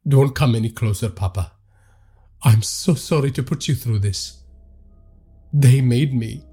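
A man reading a horror story aloud, voicing a tormented young man who speaks softly and pleadingly. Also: medium pitch, a little slow, breathy edge.

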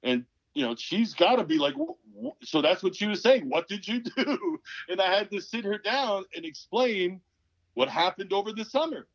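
A man in his fifties tells a story as an interview guest, animated and playing out each person he quotes. His voice sits fairly high for a man. The recording is dull and dry, with no room sound. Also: normal speed, no echo. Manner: animated, acts out quoted people. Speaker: guest, former pro basketball player.

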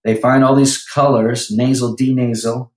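A man's voice: medium pitch, little pitch movement, normal speed, roomy sound, rough recording. A man who works as a vocal coach, talking animatedly in a podcast interview and breaking into sung lines now and then.

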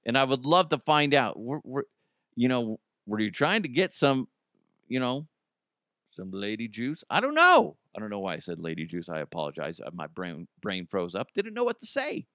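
A man's voice: medium pitch, fairly bright tone, no room sound, studio quality. A man hosting a comedy podcast, riffing on news stories in a crude, rambling way and laughing at his own jokes. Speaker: podcast host. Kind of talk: casual comedic commentary.

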